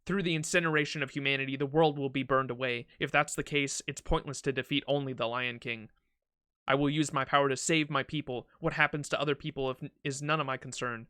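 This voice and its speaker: A man's voice: medium pitch, fairly even intonation, fairly quick, sharp tone, clean tone, dry recording, clean studio sound, close to an everyday voice. A man reading a proud ancient pharaoh king in a game, with a pompous, regal, mocking delivery. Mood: cold.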